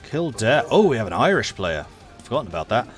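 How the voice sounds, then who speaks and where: Male stream host, chatty, enthusiastic, mid-pitched voice, faint music underneath. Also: big pitch swings, brisk. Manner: chatty, enthusiastic, laughs easily. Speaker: game match commentator and host. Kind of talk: live-stream game commentary.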